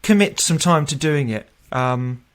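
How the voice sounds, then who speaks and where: A man's voice: fairly high pitch, lively intonation, measured pace. A man in his thirties, a tech recruiter being interviewed, telling stories in a loose, chatty way and often laughing and acting out what people said. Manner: chatty, laughs often, acts out quoted voices. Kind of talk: casual interview storytelling.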